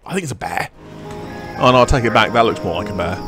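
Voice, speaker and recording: Excitable man, lively pitch. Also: fast. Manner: excitable, laughs often, chatty. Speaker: gaming video creator. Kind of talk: casual gameplay commentary. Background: faint game music.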